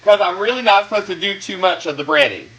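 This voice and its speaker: A man's voice: high voice, quick pace, pushed and bright, rough recording. A man from South Carolina with a Southern accent, hosting a casual cooking live stream and greeting viewers in a sassy, playful way. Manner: sassy, playful, drawls greetings, hums little sound effects.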